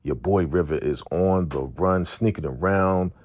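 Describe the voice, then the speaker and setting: A man's voice: deep voice, measured pace, darkish tone, dry recording. A man casually recapping a TV episode for his viewers, chatty and calling them family. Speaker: recap host.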